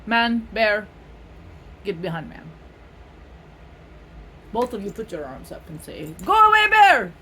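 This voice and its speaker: A woman's voice: mid-range voice, takes it slowly, pauses often, a bit bright, a little hiss or hum. A middle-aged woman from California giving a casual tarot reading, playful and rambling with frequent laughs. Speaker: tarot reader.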